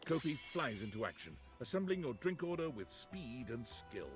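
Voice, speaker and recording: A man's voice: medium pitch, sing-song, moderate pace, soft background music. A man giving wry scripted narration for a comedy video game. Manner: wry, storybook-like.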